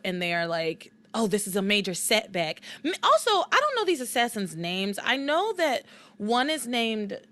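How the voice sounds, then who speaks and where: A woman hosting a casual recap podcast, chatty and animated, laughing often and restarting her sentences. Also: mid-range voice, no room sound. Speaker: podcast host.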